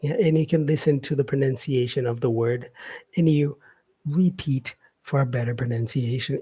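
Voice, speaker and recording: A man giving an unscripted English lesson, adding many "yeah" and "um" fillers and repeating example words slowly. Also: on the high side, dark tone, breathy edge, no room sound. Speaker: English teacher. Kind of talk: casual spoken lesson.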